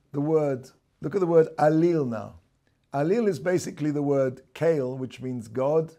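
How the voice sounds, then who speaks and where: A man, a rabbi, giving an explanatory lecture. He talks deliberately, stops to explain terms and corrects himself as he goes. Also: mid-range voice, warm tone. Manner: reads out quoted passages in a raised voice. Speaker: rabbi teaching a class.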